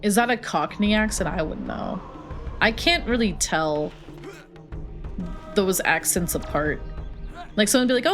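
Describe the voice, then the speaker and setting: A woman's voice: medium pitch, expressive, unhurried, long pauses, faint music behind. Chatty young woman streamer. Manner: chatty, joking, reads chat aloud. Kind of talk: casual live-stream chat while playing.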